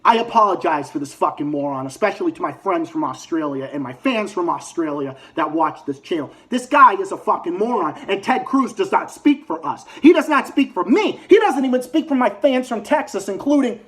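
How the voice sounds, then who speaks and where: A man's voice: high-pitched, animated, moderate pace, a bit bright. An American man ranting angrily at a politician, heated and profane, repeating his insults over and over. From United States. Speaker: political commentary vlogger. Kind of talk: angry ranting monologue.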